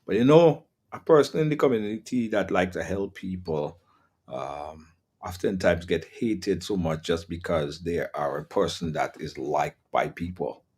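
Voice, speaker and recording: A man hosting an interview, affirming his guest and at times dropping to a soft near-whisper. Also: low voice, measured pace, breathy edge. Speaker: interview host. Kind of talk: supportive interview talk.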